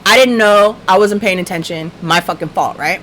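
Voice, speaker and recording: A woman's voice: medium pitch, moderate pace, fairly bright tone, slight background noise. A woman hosting a livestream, telling a story in a casual, profane, ranting way. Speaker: livestream host.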